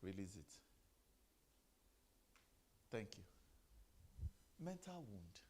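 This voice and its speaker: A man's voice: fairly low pitch, very animated, extremely slow, darkish tone. A middle-aged man giving a motivational sermon, firing rhetorical questions, repeating phrases and giving the audience commands. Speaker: motivational speaker.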